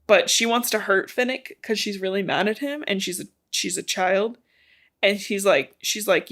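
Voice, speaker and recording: A young woman co-hosting a podcast casually recaps a novel's plot, swearing freely and acting out the characters' lines. Her medium-pitched voice is fairly bright and moves at a normal speed.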